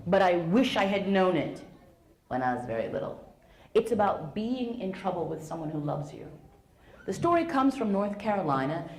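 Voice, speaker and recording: Middle-aged woman storyteller, playful, lively voice, roomy school hall echo. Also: medium pitch. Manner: animated, playful, asks audience questions. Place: school hall with a child audience.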